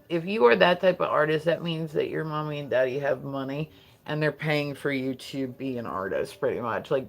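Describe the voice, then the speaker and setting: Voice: mid-range voice, gravelly. A live streamer with a New Jersey accent, chatting casually into a phone and swearing freely as they drift from one tangent to the next. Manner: rambling, profane, tangent-prone.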